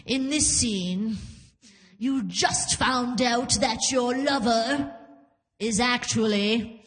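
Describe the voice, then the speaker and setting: A woman voicing a tortured male acting teacher who coaches in a slow, pained, drawn-out way. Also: very high-pitched, a bit bright, in a large hall, exaggerated voice. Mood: weary.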